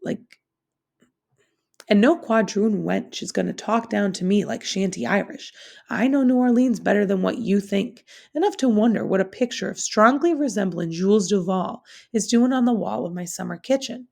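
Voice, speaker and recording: A sneering middle-aged landlady with a mean, snapping drawl, as a woman reading aloud puts her on. Her voice has a gravelly edge and carries scorn in every line. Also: mid-range voice, moderate pace, darkish tone. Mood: scornful.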